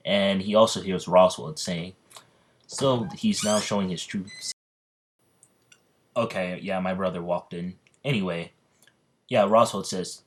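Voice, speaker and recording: Rambling deep-voiced man telling a story. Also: steady tone, measured pace. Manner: rambling, full of fillers and restarts. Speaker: fan story narrator. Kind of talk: casual fan story narration.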